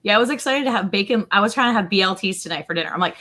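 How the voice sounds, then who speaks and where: A woman's voice: lowish voice, very fast, few pauses, a bit bright. A woman guest in a casual chat about homesteading, chatty and bubbly as she retells family moments. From American.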